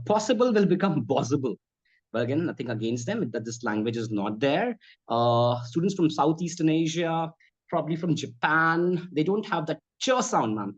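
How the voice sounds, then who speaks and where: This earnest male accent and spoken English coach, whose first language is Bhojpuri, speaks with a fairly high pitch. Answering interview questions conversationally, he offers advice and keeps addressing her as "ma'am," all captured on slightly dull, lo-fi audio.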